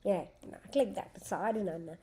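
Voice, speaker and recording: A woman's voice: medium pitch, moderate pace, dark tone, slight background noise, low-quality recording. A woman, retelling an ancient epic as a class lesson, explaining patiently and often saying "okay". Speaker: scripture storyteller teaching a class.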